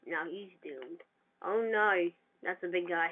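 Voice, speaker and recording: A gamer giving casual, excitable commentary over their own gameplay and trash-talking opponents. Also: medium pitch, a little slow. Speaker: gamer narrating own play. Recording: tinny lo-fi mic with faint hiss.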